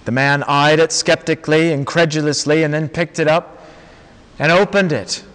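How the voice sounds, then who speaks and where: Male preacher, slightly raised pitch, unhurried dramatic storytelling, reverberant sanctuary. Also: fairly even intonation, fairly bright tone. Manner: slow, dramatic storytelling with long pauses. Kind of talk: storytelling sermon. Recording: long reverb of a large hall.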